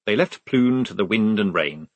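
A man reading a storybook aloud in a wry, expressive manner. His voice is husky and moves lively through its pitch. The recording is close and dry. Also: normal speed, no echo. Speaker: audiobook narrator. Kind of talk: storybook narration.

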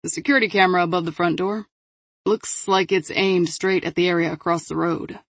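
A woman voicing a level-headed male FBI agent who reasons aloud in an earnest, measured way. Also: fairly low pitch, fairly even intonation, gravelly, no echo.

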